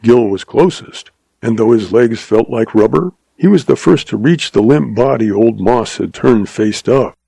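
A man reads a western novel aloud in a steady, dramatic way. His voice is gravelly and husky with a dark, mellow tone. The recording is dry and close. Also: medium pitch, unhurried, no room sound, low-quality recording. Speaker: narrator. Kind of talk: audiobook narration of a western.

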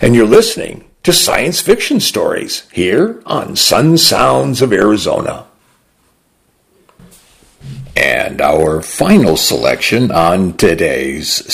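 Slow radio story reader guy, husky gravelly voice, lots of ups and downs. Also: low voice. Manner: slow, deliberate and expressive storytelling. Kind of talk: literary reading for radio.

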